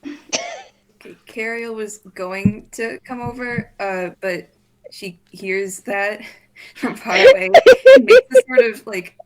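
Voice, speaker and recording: A woman's voice: on the high side, big pitch swings, takes it slowly, slight background noise. A woman player casually and hesitantly describing her character in a tabletop game.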